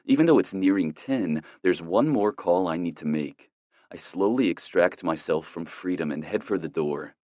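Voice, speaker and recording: A man giving a calm, tender first-person narration of a romance audiobook. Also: sits low, dry recording.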